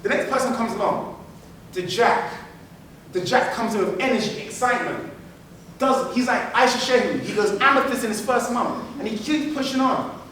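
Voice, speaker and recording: A man giving an animated motivational business keynote, repeating phrases for emphasis. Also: very high-pitched, moderate pace. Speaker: keynote speaker. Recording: echoey hall, mic from far off, faint noise.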